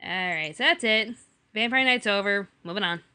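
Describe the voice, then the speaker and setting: Young woman cohosting a chill podcast, bright voice, kinda sleepy and jokey. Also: medium pitch, moderate pace, smooth, no room sound. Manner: laid-back, sleepy, joking. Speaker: podcast co-host. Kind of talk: casual chat.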